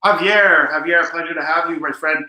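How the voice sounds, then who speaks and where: A man's voice: on the high side, fairly even intonation, normal speed, bright, forceful tone, roomy sound, poor audio. A man performing as a mentalist, showy and teasing, talking straight to the audience. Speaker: mentalist guest. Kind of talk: magic performance patter.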